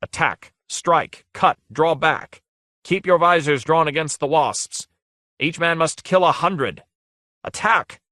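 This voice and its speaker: Guy doing a furious shouty lord, frantic, barking orders in a storybook. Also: medium pitch, sing-song, normal speed, no room sound, studio quality, voice pushed up. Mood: commanding. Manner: shouting commands, overwrought. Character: wrathful lordly male warlord, frantic.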